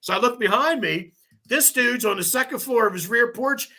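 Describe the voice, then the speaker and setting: A man in his fifties, a firefighter lieutenant, telling animated, swearing stories on a podcast. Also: extremely high pitch, moderate pace. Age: 50s. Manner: animated, laughing, swearing storyteller. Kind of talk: casual storytelling.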